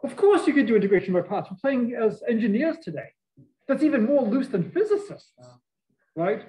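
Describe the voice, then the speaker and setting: A middle-aged professor with a Boston accent teaches a math class in a rather high voice. He jokes with the students between steps. His words come through a face mask, a little muffled. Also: brisk. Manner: animated, joking asides to students. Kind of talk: university lecture.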